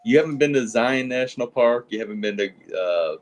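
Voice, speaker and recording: A man's voice: medium pitch, lively intonation, fairly quick, poor audio. A man in casual chat, telling a meandering travel story with many hesitations.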